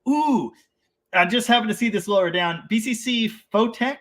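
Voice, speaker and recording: A man's voice: high-pitched, expressive, normal speed, fairly bright tone. A man hosting a casual live stream about cars, reading out viewer comments, laughing often and rambling with enthusiasm. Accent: Canadian.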